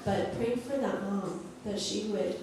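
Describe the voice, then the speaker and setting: Woman speaking quietly in an echoey hall. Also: mid-range voice, unhurried. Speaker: adoptive mother sharing testimony. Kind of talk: personal testimony to an audience. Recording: echoey room from far off with noise.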